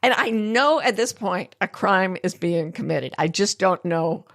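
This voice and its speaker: A woman's voice: fairly low pitch, expressive, unhurried, fairly bright tone. An older woman hosting a podcast, telling a story animatedly, laughing often and acting out other people's lines. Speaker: podcast host. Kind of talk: storytelling in casual chat.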